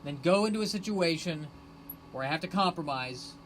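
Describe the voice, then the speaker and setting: A man hosting a rambling solo live stream on his phone, sarcastic and self-mocking, bursting into shouted rants. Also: on the high side, lively intonation, normal speed, a little hiss or hum, rough recording. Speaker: podcast host streaming live.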